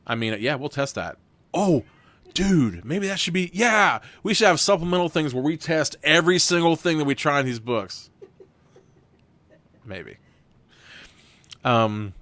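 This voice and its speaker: Lively, chatty man reading aloud. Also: fairly high pitch, a little slow, pauses often. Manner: chatty, laughs often, swears casually. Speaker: host and narrator of a gamebook played live with chat votes. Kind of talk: casual live-stream reading.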